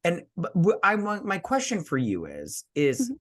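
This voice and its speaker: Tipsy male co-host, crude and rambling, lively pitch swings. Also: a little slow. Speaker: podcast co-host. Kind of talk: casual drunk movie review chat.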